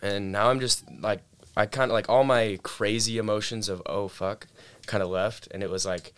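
Young male guest, slightly low voice, relaxed storytelling with lots of filler words. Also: moderate pace, clear, resonant tone. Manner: laid-back storytelling, heavy on "like" and "dude". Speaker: guest telling his story. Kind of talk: casual chat.

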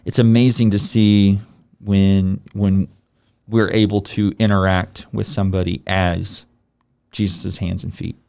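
Low-voiced relaxed man chatting. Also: creaky, clear, resonant tone. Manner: relaxed, halting, with many fillers. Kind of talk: casual chat.

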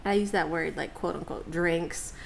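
A woman's voice: fairly low pitch, steady tone, moderate pace, vocal fry, slight background noise. A young woman co-hosting a podcast, telling a story in casual slang and laughing often. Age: young adult. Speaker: podcast co-host. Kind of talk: casual chat.

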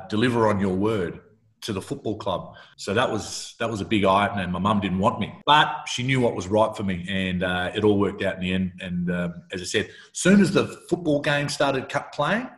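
Low-voiced Australian man telling stories in a roomy space. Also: normal speed. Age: middle-aged. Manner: animated storyteller who acts out quoted voices, restarts often. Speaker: retired footballer guest. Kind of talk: casual interview storytelling. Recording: roomy echo.

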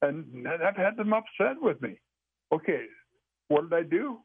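A man's voice: on the high side, sing-song, a little slow, vocal fry, husky, no echo. An older man telling folksy, rambling stories in casual conversation, with frequent restarts. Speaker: podcast guest sharing Sasquatch experiences. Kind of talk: casual storytelling chat. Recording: tinny phone-line audio.

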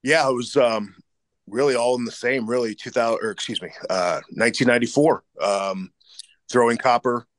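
A man appears as a guest in a casual interview, speaking earnestly and sounding grateful. His voice sits at an ordinary middle pitch. The sound is dry and close. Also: moderate pace, dry recording. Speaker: guest, longtime fan.

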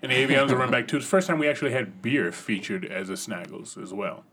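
A man's voice: mid-range voice, animated, quick pace, a bit bright, breathy edge. A man co-hosting a casual podcast, teasing and wisecracking. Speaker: podcast co-host. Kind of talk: casual chat.

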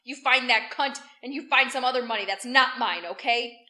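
A woman acts out a drunk, abusive man ranting and swearing. He snarls and shouts down the line in a high, bright voice. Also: normal speed. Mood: raging. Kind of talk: comedic podcast re-enactment.

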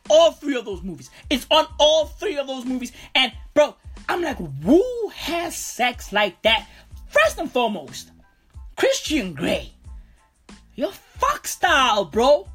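A woman's voice: high voice, a bit bright, slightly rough. A woman comedian doing a profane, rambling stand-up rant, tossing in "bro" constantly.

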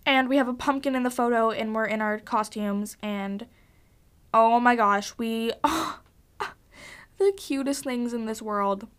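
A woman's voice: on the high side, measured pace, a bit bright, smooth. Bubbly young woman gushing on a podcast. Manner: bubbly, gushing, rambling with fillers. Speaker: podcast host. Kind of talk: casual solo podcast chat. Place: basement at home.

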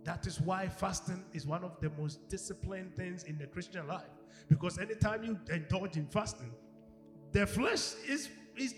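A male pastor preaching a sermon, animated, acting out quoted voices and swinging from shouts to hushed tones. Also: high voice, fairly quick. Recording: echoey hall with music behind.

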